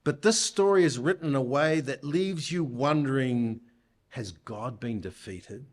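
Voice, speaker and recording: This is a man preaching a sermon in a church, taking his time over each phrase. He speaks at an unhurried pace, in a voice of middling pitch, and keeps asking his listeners rhetorical questions to press his points home.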